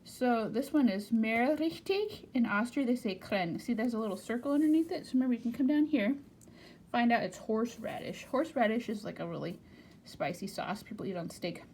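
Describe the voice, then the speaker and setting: American woman, German lesson, textbook read-aloud, English explanations, higher voice, faint background hiss. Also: lively intonation, a little fast, a little mellow. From United States. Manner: reads German then explains it plainly in English. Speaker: German teacher.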